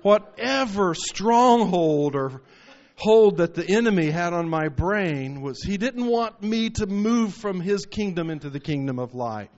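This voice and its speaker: A man's voice: high-pitched, lively intonation, measured pace, a little mellow. Fervent preaching man, muffled recording. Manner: storytelling with rising, emphatic bursts. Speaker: pastor. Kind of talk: sermon.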